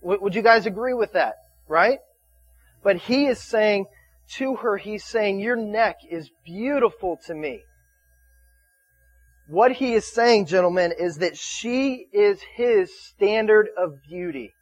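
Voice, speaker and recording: A man's voice: high voice, a little slow, no room sound, lo-fi sound. A man preaching a sermon in a loose, conversational way, often restarting his words and checking in with his listeners. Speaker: pastor.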